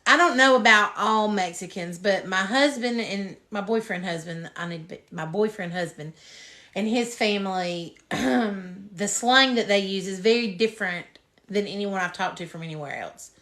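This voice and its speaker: A woman's voice: medium pitch, moderate pace, a bit bright. A woman, a nurse chatting casually and telling stories in a book-lined room at home. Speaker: nurse and show co-host. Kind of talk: casual livestream chat.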